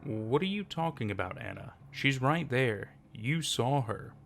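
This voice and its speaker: A man's voice: medium pitch, expressive, measured pace, creaky, slight background noise. A man voicing a mother in stubborn denial. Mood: defensive. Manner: defensive, scolding.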